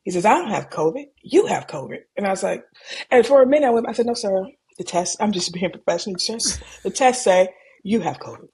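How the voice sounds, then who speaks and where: A middle-aged woman, an emergency room doctor, telling stories from her work in a calm, candid way and livening up when she quotes people. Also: medium pitch, fast, husky. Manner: calm, candid, animated when quoting others. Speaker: ER physician guest. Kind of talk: conversational storytelling.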